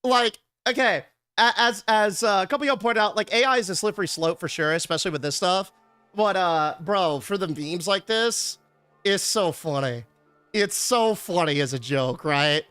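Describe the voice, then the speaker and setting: A young man chatting casually on his stream, excitable and giggly with laid-back slang. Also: high voice, moderate pace, clear, resonant tone, dry recording, soft background music.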